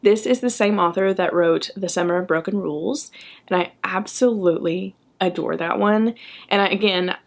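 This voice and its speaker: A young woman chatting enthusiastically in a book vlog, often tagging her remarks with a quick "okay?". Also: fairly low pitch. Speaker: book vlogger. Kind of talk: casual chat.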